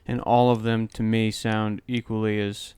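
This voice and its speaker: A man's voice: lowish voice, little pitch movement, moderate pace, darkish tone, smooth, no echo. A young American man doing joking let's-play commentary, full of irreverent asides. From United States. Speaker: gameplay commentator.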